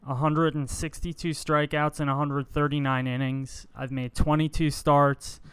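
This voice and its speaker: A man co-hosting a podcast, reading out baseball stats and guessing players in measured, casual chat. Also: a little high, level tone, a bit bright, clean tone, no room sound. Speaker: podcast co-host.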